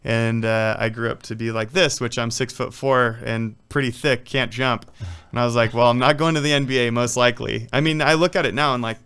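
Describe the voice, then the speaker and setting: A man's voice: medium pitch, fairly even intonation, fairly quick, few pauses, a bit bright, clean tone. A man, a professional athlete, talking casually in an interview, rambling through stories with lots of "like" and "you know.". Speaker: guest, professional water polo player.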